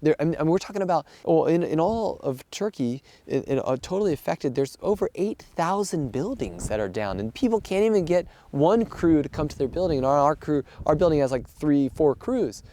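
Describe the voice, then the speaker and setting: A missionary aid worker gives a casual spoken account of events, earnest and acting out what people said. His voice is fairly high, animated and dark-toned, and he speaks fairly quickly with few pauses.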